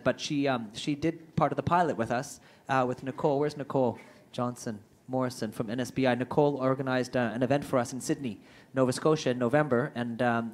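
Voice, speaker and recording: A man moderating a business forum, introducing speakers in a joking, chatty way. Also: medium pitch. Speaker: event moderator. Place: conference room before an audience.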